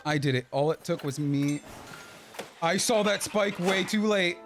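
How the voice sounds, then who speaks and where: A man's voice: high voice, measured pace. A man streaming a platform game, talking to himself and pleading with the game as he gets frustrated. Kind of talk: live gameplay commentary. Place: home streaming setup. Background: game music.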